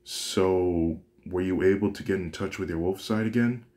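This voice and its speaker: A man's voice: low-pitched, mellow, natural voice. A man voicing an anxious, doting mother who fires off worried questions at her son in a fan-made story. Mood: relieved. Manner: frantic rapid-fire questioning.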